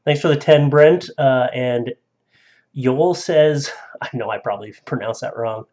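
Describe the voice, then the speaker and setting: A young man live streaming into a desk mic, chatting in a casual, rambling way at a middle pitch. He reads viewer stories aloud, laughs easily, and trips over names. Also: a little slow, a little mellow, dull audio.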